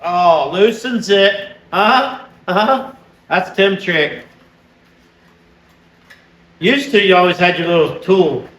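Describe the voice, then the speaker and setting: A man's voice: high-pitched, takes it slowly, long pauses, a bit bright. A man in his forties from Ohio, chatting casually and joking while working in his shop. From Ohio, USA. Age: 40s. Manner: joking, rambling. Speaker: vlog co-host, shop worker. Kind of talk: casual chat. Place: workshop. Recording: roomy, far from the mic, faint background noise.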